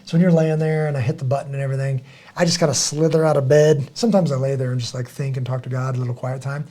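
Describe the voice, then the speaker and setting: Speaking fast in a mid-range voice, a middle-aged man hosts a podcast and tells stories. His talk is casual and earnest, animated, with the quotes acted out.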